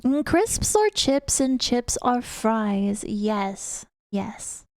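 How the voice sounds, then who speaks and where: High-voiced British woman streamer, slow and chatty. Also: expressive, a little mellow, no echo, studio quality. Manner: chatty, giggly, greets chat members. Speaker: VTuber streamer. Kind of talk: casual live-stream chat with viewers.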